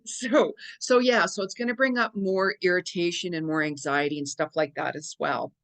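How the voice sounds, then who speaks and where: A middle-aged woman talking casually to camera as a psychic giving astrology advice, chatty and animated, acting out quoted reactions with big jumps in her voice. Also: fairly low pitch, moderate pace.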